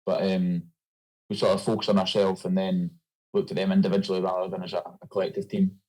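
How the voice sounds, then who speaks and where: A man's voice: sits low, little pitch movement, quick pace, darkish tone, poor audio. A young Scottish man, a rugby player, chatting loosely as a guest with many fillers. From Scotland. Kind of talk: casual interview chat.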